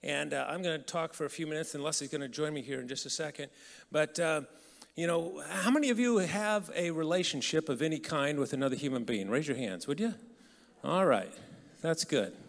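A man tells stories to a live crowd in a large hall, his voice carrying a long echo. He speaks a little higher than most men and keeps it conversational, throwing questions out to the listeners. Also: fairly quick, gravelly. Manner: conversational, asks the audience questions. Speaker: guest speaker. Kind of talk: storytelling talk to an audience. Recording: hall reverb.

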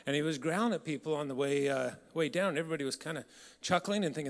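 A man's voice: fairly high pitch, quick pace. A man giving a storytelling talk as guest speaker, conversational and asking the audience questions. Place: large hall. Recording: hall reverb.

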